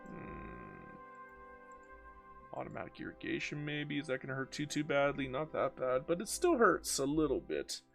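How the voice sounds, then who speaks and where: A man's voice: medium pitch, huge pitch swings, normal speed, gravelly, a bit bright, faint music behind. A man streaming a strategy game, chatting casually, joking and reading viewer comments aloud as he plays. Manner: joking, talks to himself and reads chat aloud.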